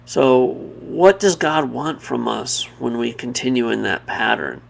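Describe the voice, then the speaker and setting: Gravelly-voiced guy doing a heartfelt devotional video, earnest and reflective, lots of pauses. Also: mid-range voice, expressive. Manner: pauses and restarts mid-thought. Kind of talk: personal devotional talk.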